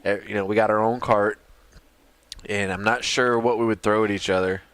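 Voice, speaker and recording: A man's voice: lowish voice, steady tone, moderate pace, a bit bright, no room sound. A man co-hosting a casual comedy podcast, rambling and swearing freely. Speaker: podcast co-host. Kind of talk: casual chat.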